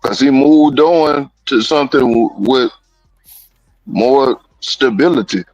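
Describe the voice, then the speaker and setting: A man chatting on a panel, halting and searching for his words with many ums. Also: mid-range voice, darkish tone, dry recording, highs cut off. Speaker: guest panelist. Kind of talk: casual chat.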